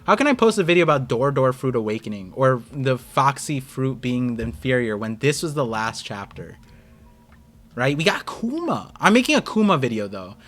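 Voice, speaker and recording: Young American man, streamer, rambling and excitable, chatting to viewers, faint music behind. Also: medium pitch, moderate pace. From United States. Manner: rambling, excitable, talks to chat. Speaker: streamer host. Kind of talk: casual live-stream chat.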